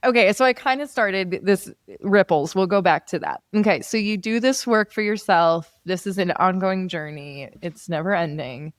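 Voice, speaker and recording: A woman's voice: on the low side, moderate pace, hardly any pauses, no room sound, studio quality. A woman hosting a podcast, interviewing a guest and building long, thoughtful questions. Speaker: podcast host.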